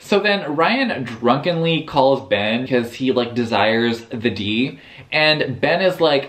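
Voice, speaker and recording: A man's voice: medium pitch, animated, takes it slowly, background noise. A young man casually recapping a novel for his book vlog, sassy and profane, acting out the characters' lines. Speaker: book reviewer.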